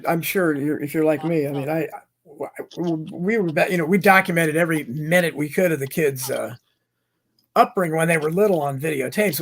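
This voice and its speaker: A man hosting a talk show, asking long, hesitant, rambling questions. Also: on the high side. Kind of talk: interview questions.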